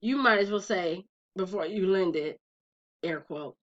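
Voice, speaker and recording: A young adult woman telling a personal story in a casual vlog, talking straight to her viewers in a chatty, animated way. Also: fairly low pitch, a little slow. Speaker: vlogger. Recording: slightly dull lo-fi recording.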